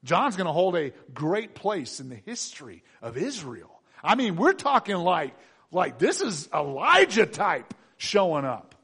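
A high-voiced man preaches a conversational sermon with a lively, swooping delivery. He speaks directly to his listeners, teasing them with quick asides. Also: breathy edge. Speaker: pastor.

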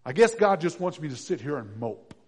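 A man preaches to his congregation in a fairly high, very lively voice. He drops into quiet, chatty asides and then climbs into loud, emphatic build-ups, often turning to the crowd and the kids with questions. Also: a little fast, husky, long reverb tail. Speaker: pastor. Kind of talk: sermon.

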